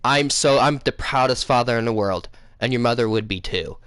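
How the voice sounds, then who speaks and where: A man's voice: medium pitch, normal speed, a bit bright, dry recording, studio quality, lightly acted. A man voicing a proud middle-aged father speaking earnestly to his children.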